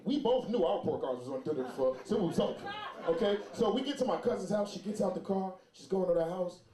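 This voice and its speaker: A man doing a loud, animated stand-up comedy set, telling stories and shouting some bits. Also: sits high, fast. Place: comedy club stage. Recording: roomy club with crowd. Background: audience laughter.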